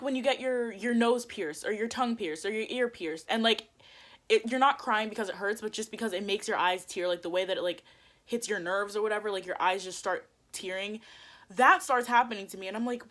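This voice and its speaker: A young woman telling a story on her vlog in casual chat, animated, saying "like" a lot and swearing freely. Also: medium pitch, moderate pace. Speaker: vlogger.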